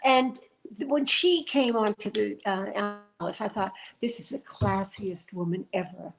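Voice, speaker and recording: A woman's voice: mid-range voice, measured pace, gravelly, soft background music, low-quality recording. A woman guest reminiscing casually, laughing often and repeating words for emphasis. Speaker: guest actor.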